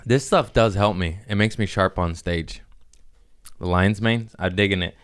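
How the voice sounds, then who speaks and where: A man with a very low, deep voice hosts a loose comedy podcast. He rambles and curses freely, jumping from one riff to the next in an animated way. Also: normal speed, clear, resonant tone. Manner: rambling, profane, animated riffing. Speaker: podcast host. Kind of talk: casual comedic podcast chat.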